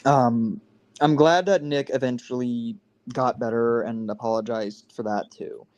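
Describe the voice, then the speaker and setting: A man's voice: medium pitch, steady tone, measured pace, darkish tone, no echo. A man in his twenties on a casual live stream, talking earnestly and rambling with many restarts, heard over a video call. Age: 20s.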